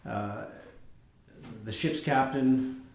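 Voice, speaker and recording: A man's voice: medium pitch, very slow, a little mellow. A man chatting loosely on a film podcast, rambling and hesitant with many fillers. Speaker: podcast co-host. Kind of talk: casual film review chat. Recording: echoey room.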